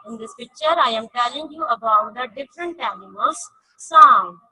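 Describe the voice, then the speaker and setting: A woman teaching a science lesson to young children, repeating each point slowly and stressing key words, in English with non-native grammar. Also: a little high, pushed and bright, breathy edge, low-quality recording. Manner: slow, repetitive, emphatic teaching.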